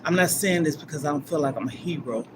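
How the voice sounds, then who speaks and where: Speaking quickly in a low voice, an older woman rambles with strong emotion while hosting a live stream at a gym. Her delivery is emphatic, leaping between loud outbursts and near-whispers over clear background noise.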